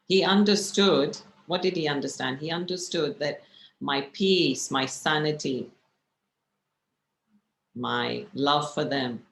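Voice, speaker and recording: Slow, gravelly woman telling stories. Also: sits low. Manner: gentle, reflective storytelling with rhetorical questions. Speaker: spiritual teacher. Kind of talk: storytelling talk. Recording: echoey room with faint noise.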